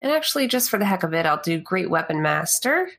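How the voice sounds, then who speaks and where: A woman playing a tabletop game, calmly narrating her rolls and damage. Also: lowish voice, fast talker, poor audio. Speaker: player.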